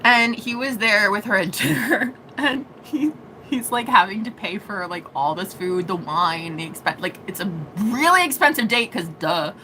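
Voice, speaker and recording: A woman's voice: mid-range voice, animated, normal speed, sharp tone, slight background noise. A woman, a psychic reader, telling a story in a casual vlog. She giggles a lot, talks animatedly and swears freely.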